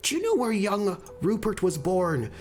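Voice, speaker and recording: A man's voice: high voice, wildly swooping pitch, moderate pace, darkish tone, soft background music, pitched above the performer's own voice. A man doing a rambling old country woman. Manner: meandering, long-winded directions. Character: old rural woman in her eighties, rambling.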